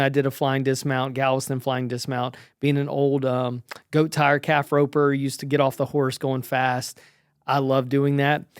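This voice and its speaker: A man's voice: medium pitch, no room sound, studio quality. A man in his forties casually recapping his own race, chatty and self-deprecating, with lots of ums and restarts. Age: 40s.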